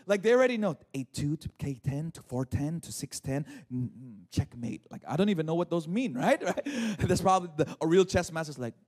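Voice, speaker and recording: A male pastor preaching a sermon, retelling a scripture story with animated asides, jokes and calls to the congregation. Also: fairly high pitch, brisk, hardly any pauses.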